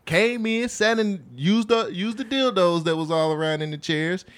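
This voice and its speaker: A man's voice: high voice, normal speed, a little hiss or hum. A young man joking and laughing in casual comedic banter.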